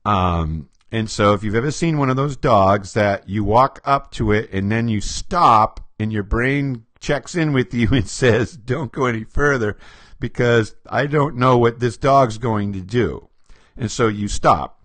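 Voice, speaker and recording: A man's voice: mid-range voice, measured pace, fairly bright tone, no echo. A man working as a behavior profiler who explains personality types with stories, acting out quotes and chuckling often. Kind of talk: storytelling explanation to camera.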